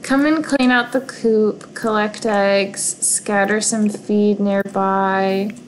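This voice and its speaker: Slow-talking young woman narrating her game. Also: mid-range voice, steady tone, slight background noise, rough recording. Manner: gushing and emotional, sighing over sad moments. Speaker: gaming video creator. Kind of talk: casual let's-play commentary.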